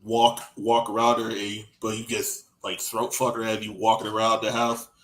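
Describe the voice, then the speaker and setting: A man telling crude stories in casual podcast chat. He rambles with lots of restarts and acts out what others said, swinging loud and soft. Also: lowish voice, completely flat delivery, moderate pace, low-quality recording.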